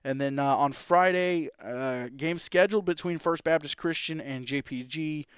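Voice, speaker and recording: A man hosting a sports talk show, running through high school football scores in a casual, quick way with fillers and self-corrections. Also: clean tone, no room sound, clean studio sound.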